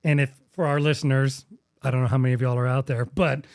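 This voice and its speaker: A man's voice: mid-range voice, level tone, vocal fry, darkish tone, no echo, clean studio sound. Joking man hosting a podcast. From West Texas. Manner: joking, rambling, quick to laugh. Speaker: podcast host. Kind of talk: casual podcast chat.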